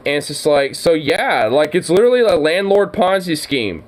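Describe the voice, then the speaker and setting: A man's voice: fairly high pitch, very animated, moderate pace, low-quality recording. A man reacting to a video in casual, profane commentary, ranting in exasperation. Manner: exasperated, ranting, swears a lot.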